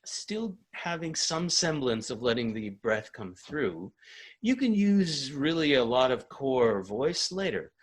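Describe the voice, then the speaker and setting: A man leading a singing warm-up as a vocal coach, calm and encouraging. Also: mid-range voice, slow pace, breathy edge.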